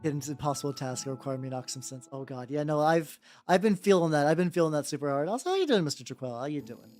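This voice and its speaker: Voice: medium pitch, lively intonation, quick pace, darkish tone. A live streamer chatting casually while painting miniatures, rambling loosely, swearing freely and greeting viewers by name over and over. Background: faint background music.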